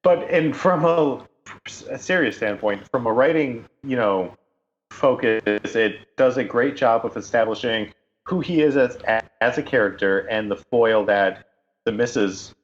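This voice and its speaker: A man co-hosting a podcast, analysing a film in a halting, thoughtful way over a dull lo-fi mic. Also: mid-range voice. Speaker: podcast co-host. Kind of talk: casual film discussion.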